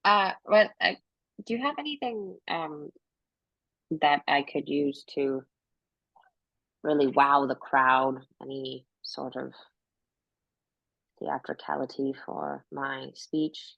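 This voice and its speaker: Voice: medium pitch, slow, vocal fry, pauses often, fairly bright tone, no room sound, muffled recording. A player in a tabletop game, speaking hesitantly and stammering in character.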